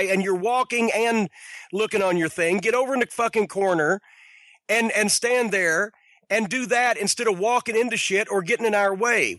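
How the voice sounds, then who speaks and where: Host: man, high and bright voice, dry studio sound, emphatic and opinionated. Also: dry recording. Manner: quick, emphatic, opinionated, occasional swearing. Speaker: podcast host. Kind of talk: podcast interview.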